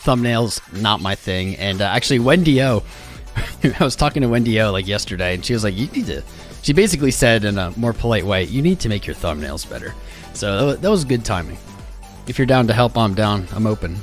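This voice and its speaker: A man from the United States hosting a casual crypto live stream, laid-back and rambling, greeting chat by name, a little hoarse from losing his voice. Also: lowish voice, expressive, a little fast. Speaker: crypto livestream host. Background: music playing.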